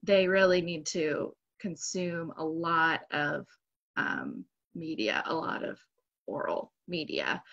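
Low-voiced woman teacher, dull recording. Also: vocal fry, fairly bright tone. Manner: reassuring, measured advice. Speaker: English teacher. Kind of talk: panel discussion. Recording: dull lo-fi sound.

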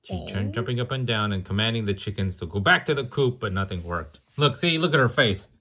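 A man's voice: on the low side, animated, brisk, pushed and bright, breathy edge. A man reading a picture book aloud to a child in a playful way, singing the rhymes and stopping to chat and ask questions. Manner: playful, sings the rhymes, chats and asks questions between pages.

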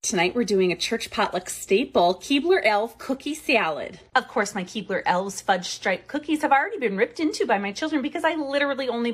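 A woman's voice: high voice, a bit bright, husky, voice pushed up, full character voice. A woman playing a chirpy church-potluck mom with a Minnesota accent in a comic cooking video.

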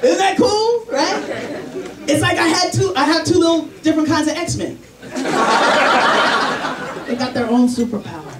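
A man's voice: extremely high pitch, moderate pace, pauses often. A man doing a chatty stand-up comedy set about parenting, acting out voices. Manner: animated, chatty, acts out voices. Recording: roomy club, distant mic, crowd noise.

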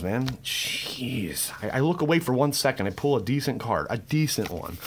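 A young man hosting a casual card pack-opening vlog, hyper and excitable with crude exclamations. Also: mid-range voice, slight background noise. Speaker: card-opening YouTube host.

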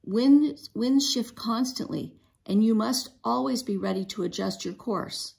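A strict father scolding his daughter on the deck of a ship, sharp and raised, with a gravelly crackle in the voice, as a woman reads the part aloud from a storybook. The line comes out louder and higher than the storybook narration around it. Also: a little slow. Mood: stern scolding. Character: stern strict father, sailing captain.

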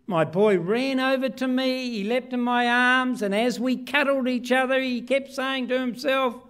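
Middle-aged man from New Zealand, preacher, high voice, acts out his stories in the pulpit. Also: moderate pace, hardly any pauses. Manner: storytelling, acting out voices with big swings in pitch and loudness. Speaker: pastor. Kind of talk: sermon. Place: church.

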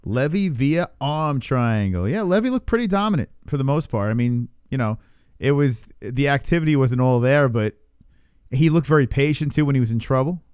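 A man's voice: medium pitch, lively intonation, normal speed, a little mellow, smooth, dry recording, studio quality. A man hosting a casual live fight reaction stream, reading viewer comments aloud and bantering. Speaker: livestream host.

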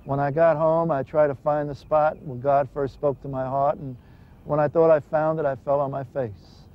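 Earnest man, slightly high voice, dull lo-fi sound. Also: level tone, normal speed. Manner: earnest, emphatic retelling. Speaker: speaker giving a personal testimony. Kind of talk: personal testimony storytelling. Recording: dull lo-fi recording with faint hiss.

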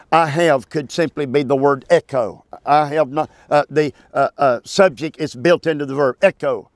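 A man teaching a Bible passage verse by verse, emphatic and preacherly, with halting restarts and calls for amen. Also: on the high side, dry recording.

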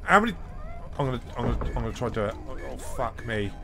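Fast-talking and animated, this medium-pitched man hosts a gaming video of a horror title. He's jumpy and profane, letting out panicked gasps and shouts while faint game music plays.

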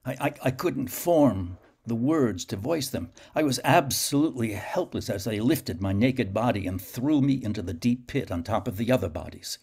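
Gravelly man reading dramatically. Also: mid-range voice, moderate pace, hardly any pauses. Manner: intense, expressive first-person narration. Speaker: narrator reading his own novel.

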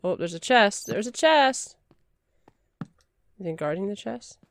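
A woman's voice: medium pitch, big pitch swings, measured pace. A woman giving chatty let's play commentary, talking to in-game items and shrieking when startled. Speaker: gamer.

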